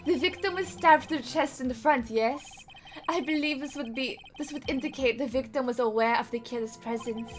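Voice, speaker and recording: A woman's voice: high-pitched, moderate pace, soft background music, lightly acted. A woman reading out the lines of a petite, imperious female witness in a game. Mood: haughty. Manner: imperious, commanding.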